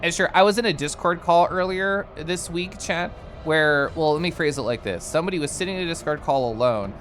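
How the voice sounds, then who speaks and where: A man's voice: fairly high pitch, brisk, fairly bright tone. A man streaming live, chatting casually and playfully with his chat, often laughing and making silly noises.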